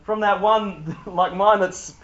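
A man preaches in a relaxed, conversational way, joking and putting questions to the people in front of him. His voice sits a little high for a man. The recording sounds dull and muffled. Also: slow pace. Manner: conversational, jokey, talks with the room. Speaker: youth pastor. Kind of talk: sermon.

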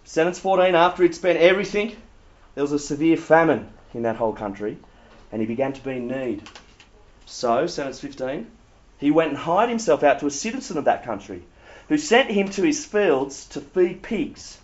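A man preaching a sermon, telling stories with animated humor. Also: a little high, normal speed. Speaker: pastor. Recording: dull lo-fi sound.

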